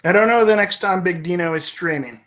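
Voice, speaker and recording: A man hosting a livestream in casual chat, rambling and hesitant, with many pauses and self-corrections. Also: high-pitched, a bit bright. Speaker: livestream host.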